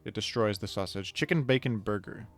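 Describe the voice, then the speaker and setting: A man's voice: lowish voice, brisk, soft background music. A man giving casual, rambling gameplay commentary as a video creator, chatting to viewers and often correcting himself mid-sentence.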